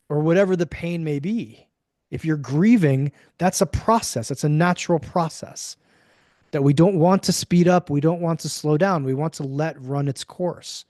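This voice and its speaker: Man, podcast guest, emphatic, slightly high voice, dry close sound, casual swearing. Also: moderate pace, darkish tone, dry recording. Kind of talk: conversational interview.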